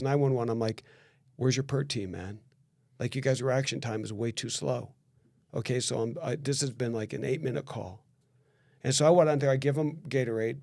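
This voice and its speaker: A man tells a story on a podcast, talking at an ordinary, middle pitch. He acts out the dialogue in the story and keeps restarting his phrases as the story tumbles out. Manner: animated storyteller who acts out quoted dialogue; quick, repetitive restarts. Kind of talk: casual podcast chat.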